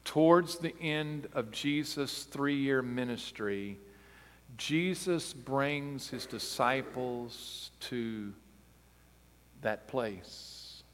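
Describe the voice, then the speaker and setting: A man's voice: medium pitch, lively intonation, drawn-out words. Man preaching emphatically in a reverberant hall. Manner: emphatic, rising to loud intensity on key phrases. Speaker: pastor. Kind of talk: sermon.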